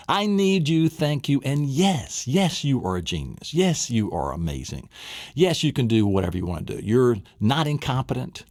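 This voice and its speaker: A man's voice: mid-range voice, sing-song, brisk, no room sound, studio quality. Enthusiastic man teaching a memory lesson. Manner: enthusiastic, coaching, drills the listener. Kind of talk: motivational recorded lesson.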